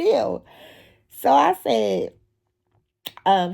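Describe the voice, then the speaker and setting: A woman vlogger telling a funny story casually, animated and swearing, acting out voices as she goes. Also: medium pitch, unhurried. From Philadelphia. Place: outdoors in public.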